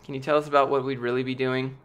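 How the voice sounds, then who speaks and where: A man's voice: mid-range voice, little pitch movement, fast talker, fairly bright tone, clear, resonant tone. A young man chatting casually on a live stream, answering chat with rambling, jokey, profane talk.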